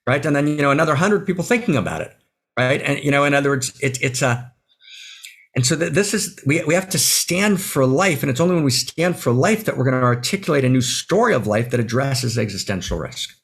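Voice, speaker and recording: Husky guy on a zoom call, talks intensely, keeps going "right?", gets a bit choked up. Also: mid-range voice, animated, a little fast, a bit bright. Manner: emphatic, tags many phrases with "right?"; emotional, near tears at times. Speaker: author guest. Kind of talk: passionate conversation. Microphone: video call.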